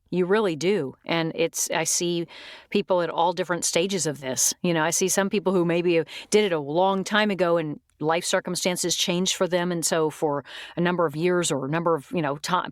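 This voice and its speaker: Woman, voice coach, straight-talking and chatty, lowish voice, dry close mic. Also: no room sound. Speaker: voice actor and coach, guest. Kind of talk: casual podcast interview.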